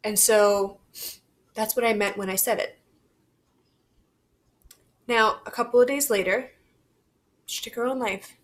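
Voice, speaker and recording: A young woman vlogging to camera, talking in a halting, reflective and candid way, swearing casually. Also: on the high side, steady tone. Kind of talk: personal confessional vlog.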